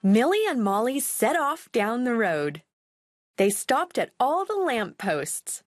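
A woman reads a children's picture book aloud, her high voice rising and falling with lively expression. She takes her time over every line. The sound is close and dry. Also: no echo, soft background music. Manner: slow, expressive, clearly paced. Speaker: storyteller. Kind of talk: children's storybook read-aloud.

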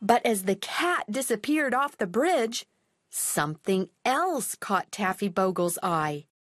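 A woman reading a children's picture book aloud in a slow, expressive, clearly paced way. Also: mid-range voice. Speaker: storyteller. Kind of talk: children's storybook read-aloud.

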